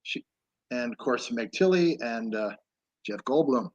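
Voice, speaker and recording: A man's voice: mid-range voice, expressive, a little slow, darkish tone, muffled recording. A man co-hosting an online talk show, chatting loosely about an old film with many restarts. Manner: rambling, with many restarts and laughs. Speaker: co-host. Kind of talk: casual film discussion.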